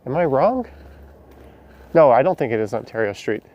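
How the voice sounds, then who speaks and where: A man's voice: medium pitch, very animated, moderate pace, dull audio. Chatty man streaming outdoors. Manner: chatty, answers viewer questions as he walks. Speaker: live-stream walking vlogger. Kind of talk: casual live-stream narration reading chat. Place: outdoors on city streets and alleys at night.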